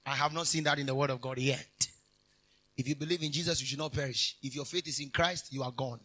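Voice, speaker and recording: A man's voice: mid-range voice, fairly even intonation, quick pace, sharp tone, rough recording. A man preaching a conversational sermon, emphatic and jokey, breaking off with hallelujahs and laughter. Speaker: minister. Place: convention hall.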